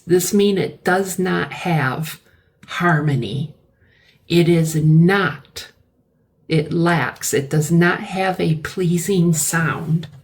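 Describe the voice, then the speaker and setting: A woman teaching English vocabulary, explaining words slowly and repeating key terms. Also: fairly low pitch. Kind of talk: slow classroom-style vocabulary lesson.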